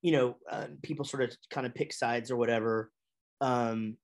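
Chatty, animated middle-aged man. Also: normal speed. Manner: chatty and animated, with big pitch swings when telling stories. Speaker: guest, musician and voice actor. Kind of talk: casual interview chat.

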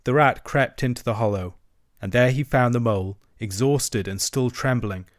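A man's voice: medium pitch, no echo. Man reading a storybook aloud, dry sound. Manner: measured, expressive storytelling. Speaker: narrator. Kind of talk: audiobook reading of a classic novel. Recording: dry close recording.

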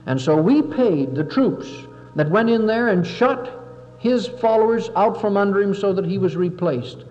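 A man's voice: high voice, animated, normal speed, a little mellow, soft background music. Emphatic man lecturing in a reverberant hall. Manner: emphatic, oratorical, acts out quotes. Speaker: political lecturer. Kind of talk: impassioned public speech. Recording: dull 1961 lo-fi tape with long hall reverb.

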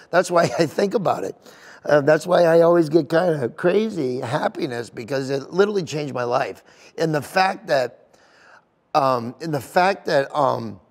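This middle-aged man is a comedian interviewed at a golf tournament venue, telling sit-down stories emotionally and rambling with lots of restarts. His voice is fairly high and shows vocal fry.

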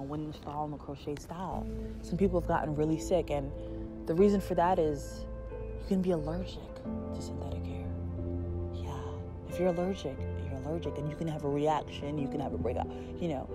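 Young woman, casual product review vlog, earnest, emphatic, repetitive, faint background music. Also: low voice.

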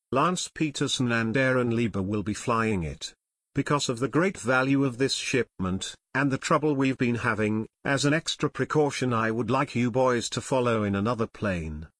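A man's voice: mid-range voice, expressive, moderate pace, fairly bright tone, no room sound. A man reading the lines of a businesslike company executive in an audiobook, dry and close.

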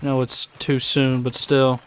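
Slow-talking streamer man. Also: medium pitch, monotone, clear, resonant tone, no room sound. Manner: exasperated, swearing, mock-mournful, laughing. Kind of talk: casual game commentary.

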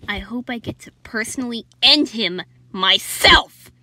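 Brief: raging dinosaur, a woman voicing it, forceful and bright. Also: a little high, expressive, measured pace, exaggerated voice. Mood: enraged. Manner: enraged, shouting. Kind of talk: fan dinosaur audio drama.

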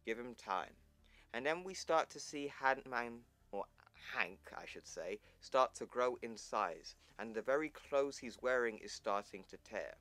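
A man's voice: medium pitch, lively intonation, measured pace, few pauses, bright, forceful tone, no room sound. A man hosting a casual retelling of a comic book, talking loosely with small slips and restarts. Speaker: comic recap host.

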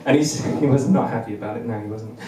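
A man's voice: mid-range voice, fast, dark tone. A young man doing a bumbling, self-deprecating stand-up set on a comedy club stage, chuckling between lines. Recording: roomy venue, mic at a distance.

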